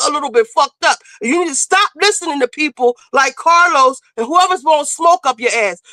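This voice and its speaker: A woman's voice: sits high, bright, forceful tone, no echo. A woman hosting a casual commentary stream, talking bluntly and emphatically with plenty of profanity as she lectures. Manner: emphatic, scolding. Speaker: streamer host.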